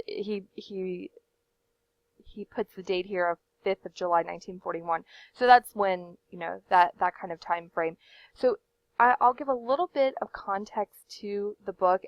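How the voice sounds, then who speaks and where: Woman, book vlog host, casual rambling delivery, mid-range pitch, dry close sound. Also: no echo, highs cut off. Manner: chatty, rambling, frequent fillers and restarts; laughs now and then while talking. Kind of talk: casual book commentary to camera.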